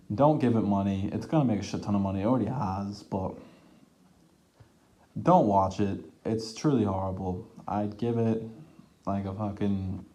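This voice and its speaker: A man's voice: on the low side, warm tone. A young man giving an exasperated, profane film review rant, full of filler words and groans of disgust. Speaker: movie reviewer.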